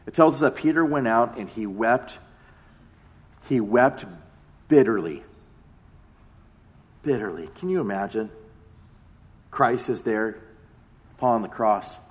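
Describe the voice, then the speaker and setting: A man preaching a sermon, retelling a story with dramatic swings between loud emphasis and hushed tones. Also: mid-range voice, lively intonation, takes it slowly, long pauses.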